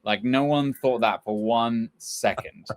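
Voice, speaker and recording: A man's voice: mid-range voice, measured pace. A man on a casual podcast chat, jokey and offhand as he gives his take. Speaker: podcast co-host.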